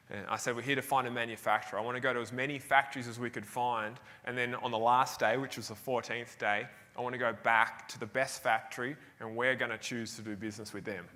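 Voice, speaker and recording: A man's voice: on the low side, bright, forceful tone. A young Australian man from Tasmania telling a self-deprecating story in a motivational stage talk. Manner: anecdotal, self-deprecating, laughs between phrases. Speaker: keynote speaker. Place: large hall on stage. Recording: live hall with long reverb.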